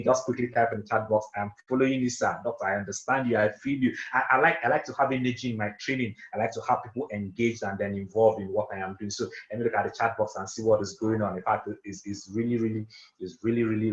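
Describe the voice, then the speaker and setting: A man running an interactive online class, talking fast and emphatically, repeating points and asking for confirmation. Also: lowish voice, roomy sound, highs cut off. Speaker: online trainer and coach. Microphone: video call.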